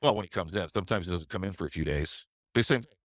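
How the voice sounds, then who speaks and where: A man's voice: low voice, fast, dry recording. A middle-aged man who teaches trading, telling a story on a webinar in a chatty way with tag questions. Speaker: trading educator.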